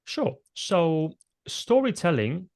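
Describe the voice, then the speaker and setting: This middle-aged man's voice is slightly high and sing-song, slow, gravelly and darkish in tone. He's a presentation coach on a conversational podcast, explaining delivery methods and showing off vocal techniques while he talks.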